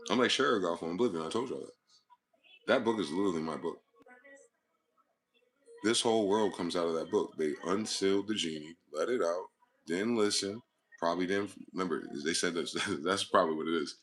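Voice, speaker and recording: Man, deep low voice, tense forceful tone, rambling profane monologue. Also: a little fast. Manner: rambling, profane, wordplay-driven. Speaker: channel host. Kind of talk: solo monologue to camera.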